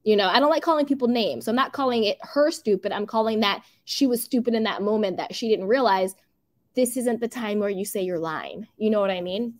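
A woman's voice: medium pitch, a little fast. A woman hosting a casual gossip livestream, chatty and opinionated, reading out chat comments and laughing often. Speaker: livestream host.

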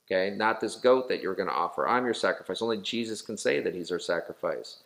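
A male pastor leading a Bible study, talking through scripture in a conversational way, with fillers and self-corrections, and slowing down to stress key phrases. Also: sits low, gravelly, fairly bright tone.

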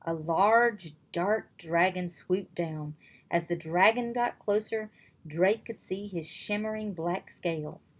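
A woman reading a children's chapter book aloud in slow, even storytelling. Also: fairly low pitch. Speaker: reader.

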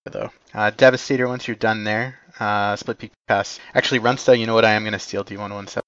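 Brief: male team commander on voice chat, halting orders, lo-fi dry recording. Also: fairly low pitch, fairly even intonation, fairly bright tone, clean tone, no echo. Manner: hesitant, many ums and uhs. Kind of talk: giving orders in game voice chat. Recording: dull lo-fi voice chat.

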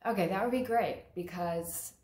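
A woman's voice: on the low side, normal speed, darkish tone, reverberant. A woman mental health therapist explaining in a conversational way, acting out parents and children in quoted lines. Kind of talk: explaining with acted examples.

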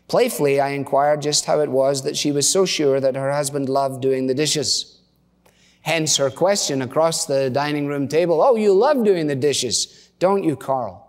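A middle-aged male pastor preaching a sermon in a conversational, storytelling way with casual asides. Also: a little high. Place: church. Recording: long church reverb.

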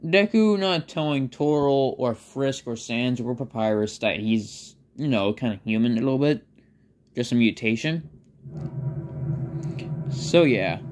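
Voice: medium pitch, a little mellow, slight background noise. A fan storyteller improvising a story in a rambling way, full of fillers and self-corrections.

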